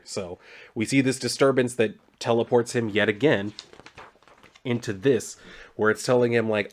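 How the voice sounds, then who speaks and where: A man's voice: medium pitch, normal speed. A man reviewing a comic book, retelling the plot in a loose, profane, casual way full of "like".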